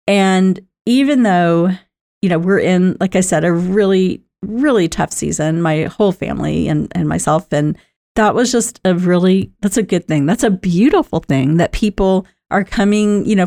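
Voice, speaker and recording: A woman's voice: on the low side, darkish tone. A middle-aged woman telling personal stories in a chatty, rambling way, often breaking into laughter. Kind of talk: personal storytelling talk.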